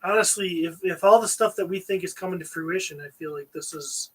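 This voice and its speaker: A man's voice: high-pitched, brisk, slightly rough, low-quality recording. A man co-hosting a podcast, chatting casually and making dry jokes. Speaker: podcast co-host. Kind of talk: casual chat.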